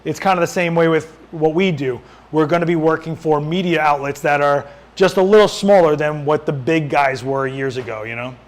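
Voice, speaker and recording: A man hosting a casual live-stream Q&A as a photographer, answering viewer questions while he adjusts his lights, his voice worn and going hoarse. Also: fairly high pitch, steady tone, moderate pace, hardly any pauses. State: losing his voice.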